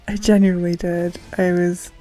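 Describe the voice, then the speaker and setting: A woman's voice: mid-range voice, little pitch movement, unhurried, gravelly, a little mellow. A woman in her thirties streaming and chatting casually, sleepy, chatty and self-deprecating, often laughing mid-sentence. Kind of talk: casual chat while gaming. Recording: music playing faintly behind.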